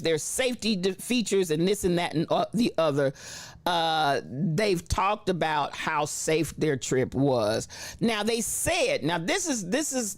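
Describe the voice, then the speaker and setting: A livestream host in casual chat, reading viewer comments aloud with slangy shout-outs and frequent laughter. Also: medium pitch, no room sound.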